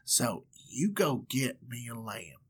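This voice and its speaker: Guy putting on a sly southern mama, husky hushed twang, lil conspiratorial. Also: medium pitch, sing-song, slow pace, exaggerated voice. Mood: scheming. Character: scheming southern mother, doting and sly.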